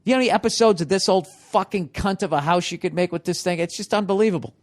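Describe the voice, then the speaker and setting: Profane ranting male podcast host. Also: quick pace. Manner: animated, profanity-laced ranting that swings between loud outbursts and low muttering; rhetorical questions to listeners. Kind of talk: profane comedic rant.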